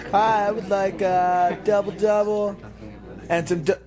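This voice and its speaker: A man's voice: sits high, level tone, a little slow, pitched above the performer's own voice. A man voicing an awkward American newcomer, ordering in a hesitant, stumbling way. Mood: nervous. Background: background music.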